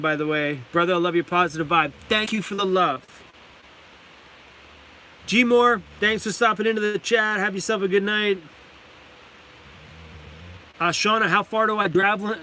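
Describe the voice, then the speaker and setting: This vlogger's voice sits high with a sharp tone, and there's slight background noise. He's a Canadian live streaming from inside a parked van, casual and enthusiastic, frequently laughing and reading viewers' chat names aloud.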